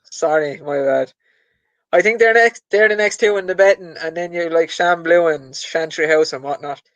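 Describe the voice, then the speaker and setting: Man, podcast co-host, casual betting chat, easygoing, self-deprecating, high voice, dry close mic. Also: moderate pace, a bit bright, no room sound, poor audio.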